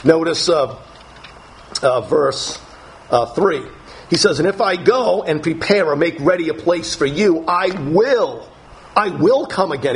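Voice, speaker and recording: A man with a slightly high voice preaches a sermon, reading verses slowly and then explaining them with emphatic repetition. A faint hiss runs underneath the recording. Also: expressive. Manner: slow, emphatic scripture reading, rising to higher pitch when dramatizing.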